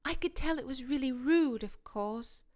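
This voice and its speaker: A woman's voice: moderate pace, darkish tone, natural voice. A woman reading an audiobook, voicing a clever, earnest teenage girl in a prim, raised voice. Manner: prim, voice higher than usual.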